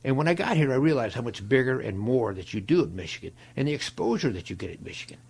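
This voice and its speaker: Gravelly older man telling stories. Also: mid-range voice, fast talker. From Ohio, USA. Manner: animated storyteller, acts out quoted voices. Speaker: guest, longtime football equipment manager. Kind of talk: storytelling interview.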